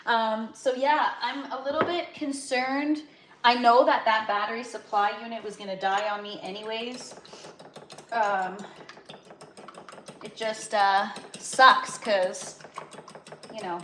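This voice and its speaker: A woman's voice: mid-range voice, unhurried, sharp tone, slight background noise. A woman hosting a casual home livestream from her grow tent and kitchen, chatting, laughing often and greeting viewers by name. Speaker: livestream host.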